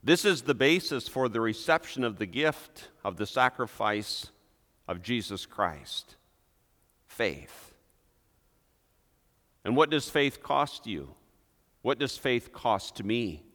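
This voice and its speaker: A male pastor preaches slowly and deliberately, leaning hard on the words he wants to land. His voice sits at an ordinary pitch. It rings out with a long reverb, as in a church hall. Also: sing-song, fairly bright tone. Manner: deliberate, emphatic preaching with rising stresses. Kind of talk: sermon.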